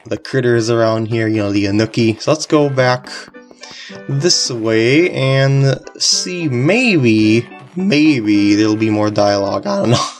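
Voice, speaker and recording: A woman's voice: extremely low pitch, lively intonation, slow pace. A woman casually commenting over a video game walkthrough, rambling and giggling. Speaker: gameplay commentator. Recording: faint game music behind.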